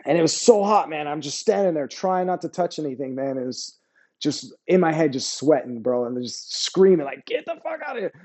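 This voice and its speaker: In a casual interview, a middle-aged American who served in the army tells war stories, loose and slangy, repeating "bro" and "you know what I mean" a lot. His voice is a little high and mellow, at a moderate pace.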